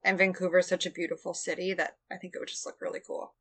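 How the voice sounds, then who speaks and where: A woman's voice: lowish voice, level tone, fast talker, a bit bright. A woman from Canada co-hosting a podcast, teasing her co-host and laughing easily in casual true-crime chat.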